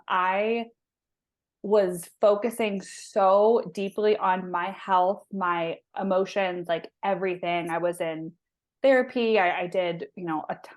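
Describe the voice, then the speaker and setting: A woman in her thirties, a guest on an interview show, telling a personal story in a chatty, emotional way with many restarts. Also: on the low side. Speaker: guest, holistic health practitioner.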